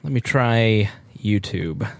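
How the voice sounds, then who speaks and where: A man's voice: lowish voice, slow pace, gravelly, no room sound. A man hosting a podcast, chatting casually and teasing his co-host before the show. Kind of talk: casual pre-show chat.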